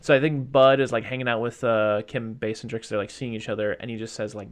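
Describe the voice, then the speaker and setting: A man's voice: medium pitch, level tone, fast talker, hardly any pauses. Rambling man recapping a movie. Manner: rambling, quotes scenes in a mumbled put-on voice. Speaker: podcast host. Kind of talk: casual movie chat.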